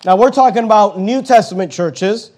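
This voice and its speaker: A man's voice: high-pitched, normal speed, a little mellow. A man pastor preaching a sermon, stressing key words emphatically.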